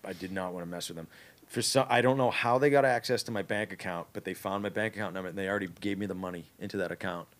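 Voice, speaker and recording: Low-voiced man with a Boston accent. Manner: animated, quick to slip into voices. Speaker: voice actor and impressionist guest. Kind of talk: casual podcast chat.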